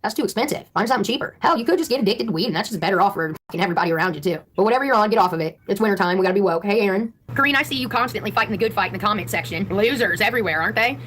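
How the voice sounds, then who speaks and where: A woman's voice: mid-range voice, lively intonation, racing, hardly any pauses, fairly bright tone. A woman ranting casually on a livestream, brash, profane and combative. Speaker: livestreaming YouTuber.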